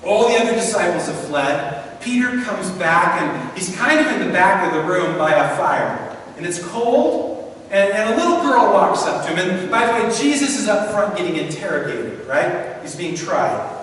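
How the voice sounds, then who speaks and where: Pastor preaching in an echoey church hall. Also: male voice, high-pitched, big pitch swings, normal speed, fairly bright tone. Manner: storytelling, acts out voices in the story. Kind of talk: sermon. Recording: echoey hall from far off, faint noise.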